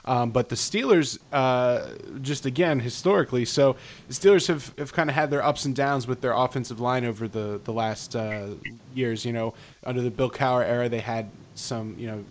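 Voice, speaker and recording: A man hosting a podcast, asking questions in an enthusiastic, halting way. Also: medium pitch. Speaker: podcast host. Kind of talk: casual interview.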